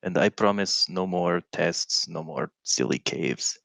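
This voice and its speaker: A man's voice: deep voice, slow, gravelly, fairly bright tone, dry recording, pitched below the performer's own voice, full character voice. A man voicing a testy, sarcastic male adventurer in a tabletop role-play, grumbling complaints in character. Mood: apologetic.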